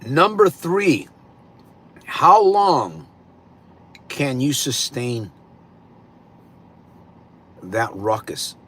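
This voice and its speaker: A man hosting a live stream, greeting viewers and slowly posing reflective questions to them. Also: medium pitch, a bit bright, husky. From California. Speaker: livestream host.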